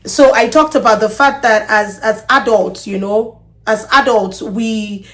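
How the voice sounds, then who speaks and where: A woman's voice: mid-range voice, fairly even intonation, measured pace, fairly bright tone. A woman hosting a parenting talk, speaking earnestly, often repeating words and checking in with "okay?" as she explains. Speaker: podcast host.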